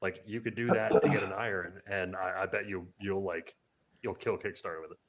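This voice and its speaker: Low-voiced man asking meandering questions. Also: steady tone, fairly quick. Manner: meandering, filler-heavy questions. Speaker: podcast co-host. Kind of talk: casual live-stream chat.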